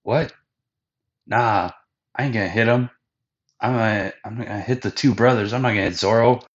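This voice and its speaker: A man's voice: fairly low pitch, normal speed, dull audio, pitched above the performer's own voice, lightly acted. A man voicing a boastful young male sharpshooter, brash and indignant in a casual recap.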